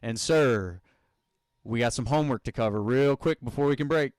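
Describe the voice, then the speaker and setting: Smooth-voiced energetic man. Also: mid-range voice, normal speed, no room sound. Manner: energetic, pep-talk delivery. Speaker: podcast co-host. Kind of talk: casual sports podcast chat.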